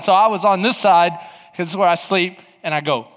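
A man preaching a sermon, telling stories animatedly with bursts of shouting. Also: high voice, animated, fairly quick, in a large hall. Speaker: pastor.

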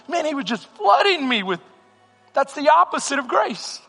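Bright, high-voiced preaching man. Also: sing-song, normal speed, vocal fry. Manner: impassioned, repetitive preaching cadence. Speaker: pastor. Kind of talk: sermon. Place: church hall. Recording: reverberant hall with music.

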